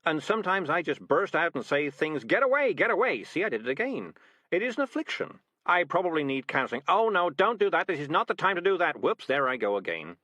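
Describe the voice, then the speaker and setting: A man's voice: a little high, big pitch swings, pushed and bright, dry recording, pitched above the performer's own voice. A man voicing a clever, scheming streetwise tomcat who talks his way out of trouble. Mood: shifty. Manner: smooth-talking, fast excuses.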